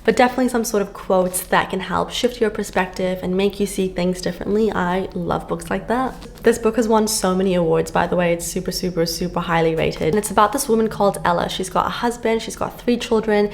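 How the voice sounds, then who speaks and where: A woman's voice: mid-range voice, brisk, creaky, slight background noise. A woman book vlogger chatting casually to camera, gushing and full of fillers, filmed at home on a camera on a stand.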